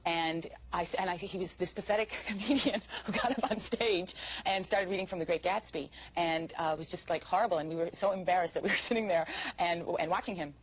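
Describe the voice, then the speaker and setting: A woman's voice: lowish voice, a little fast, slightly rough, poor audio. A woman in a documentary interview, reminiscing with amusement and laughter. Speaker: interviewee recalling a comedian.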